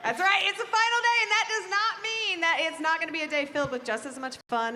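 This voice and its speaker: A woman's voice: very high-pitched, steady tone, fast talker, hardly any pauses, pushed and bright, a little hiss or hum. A woman co-hosting a live event broadcast, playful and chanting along with her co-hosts. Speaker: live show co-host.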